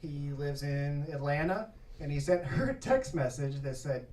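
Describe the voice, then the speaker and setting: A man's voice: a little high, normal speed, a little hiss or hum. A man doing stand-up, telling a story and acting out the voices of the people in it, swearing freely. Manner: animated, acts out quoted voices, swears freely. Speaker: stand-up comedian. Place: comedy stage before a live audience. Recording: echoey room from far off, audience laughter.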